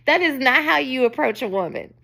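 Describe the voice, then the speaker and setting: A woman's voice: sits high, creaky, bright, forceful tone. A woman in her forties, a podcast host chatting in a casual storytelling monologue, emphatic and often laughing. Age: 40s.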